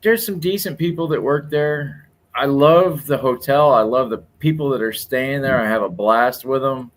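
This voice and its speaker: A man's voice: medium pitch, moderate pace. A man in casual podcast chat, ranting and swearing about work and coworkers.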